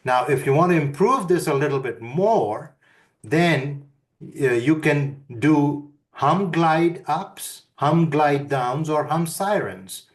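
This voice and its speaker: A man giving a webinar lesson, calmly guiding listeners through breathing and humming exercises. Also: a little high. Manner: calm, deliberate instruction. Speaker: webinar speaker. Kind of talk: instructional webinar talk.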